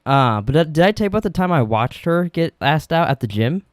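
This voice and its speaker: A man's voice: a little high, lively intonation, brisk, smooth, no room sound, studio quality. A young man co-hosting a podcast, telling rambling stories with restarts and casual swearing. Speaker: podcast co-host.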